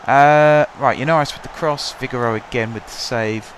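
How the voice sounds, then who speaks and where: A young man with a hoarse voice, chatting casually and calling the action play by play as he commentates his own football management game at home. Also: mid-range voice, normal speed, slight background noise. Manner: chatty, wry, calls the match play by play. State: hoarse from shouting. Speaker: gaming channel host.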